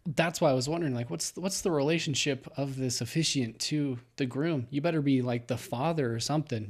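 A man's voice: medium pitch, fairly quick, hardly any pauses, slightly rough. A young man co-hosting a podcast, reading a listener's story aloud and chatting, laughing often as he talks. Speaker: podcast co-host.

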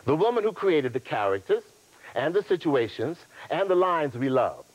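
A man's voice: a little high, big pitch swings, moderate pace, rough recording. A man hosting a reunion special, presenting in a polished, playful way. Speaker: host.

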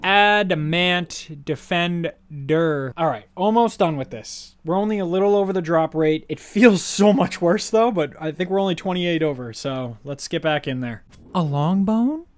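A man giving casual, goofy gameplay commentary, excitable one moment and mumbling the next. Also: on the high side, moderate pace. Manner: goofy, excitable, swings between shouts and mumbles. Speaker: gaming YouTuber.

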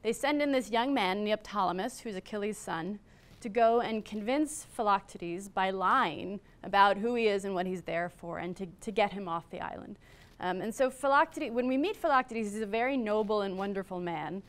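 Clear-voiced woman lecturing. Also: medium pitch. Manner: measured, with brief asides. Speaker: classics professor giving a public lecture. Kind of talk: academic lecture, partly read from a script. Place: lecture hall.

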